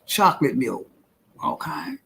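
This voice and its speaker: A woman's voice: rumbling low, huge pitch swings, measured pace, gravelly, a bit bright, slight background noise. Woman, playful livestream host, chatty, calls everyone honey. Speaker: livestream host and intuitive reader. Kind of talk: casual livestream chat.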